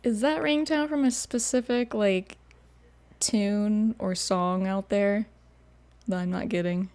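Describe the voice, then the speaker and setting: A woman's voice: medium pitch, fairly even intonation, takes it slowly, darkish tone. A woman hosting a reaction video, chatting casually and laughing often. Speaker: host. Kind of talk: reaction commentary.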